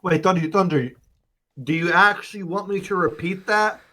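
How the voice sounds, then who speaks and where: A man's voice: high-pitched, moderate pace, sharp tone, rough recording. A man streaming, reading a visual novel aloud with casual joking asides to chat. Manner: casual, joking asides between narrated lines.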